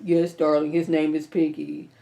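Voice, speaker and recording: A woman's voice: level tone, moderate pace, creaky, poor audio. A woman putting on a syrupy, scheming man. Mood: falsely soothing. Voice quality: soft, low and syrupy. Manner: overly polite, falsely reassuring. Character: fake-sweet scheming man speaking in a low, syrupy tone.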